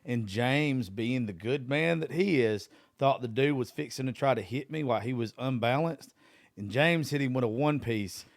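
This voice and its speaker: A man's voice: medium pitch, moderate pace, no room sound. Podcast host, male, blunt and profane, dry close recording. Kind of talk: casual chat.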